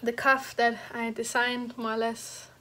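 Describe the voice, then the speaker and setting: A woman with a somewhat high voice shows off her knitting projects in a casual home chat. She talks haltingly, full of fillers and restarts. She sounds slightly out of breath as she goes. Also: little pitch movement, pushed and bright. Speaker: knitting podcast host. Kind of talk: casual show-and-tell chat. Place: at home next to a heater.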